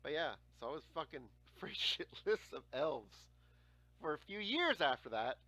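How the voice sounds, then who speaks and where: A man in his forties hosts a casual livestream and spins stories with lots of swearing and laughter. His voice sits fairly high, very lively in pitch and bright in tone. The sound is close and dry. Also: moderate pace, dry recording. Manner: animated, swears often, laughs through stories. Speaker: livestream host. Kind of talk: casual storytelling chat.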